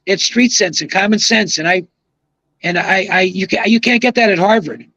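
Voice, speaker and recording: High-voiced older man telling stories. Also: moderate pace, pushed and bright, no room sound, rough recording. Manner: rambling, emphatic anecdotal storyteller. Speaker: guest, retired pro bowler. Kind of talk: casual storytelling on a podcast.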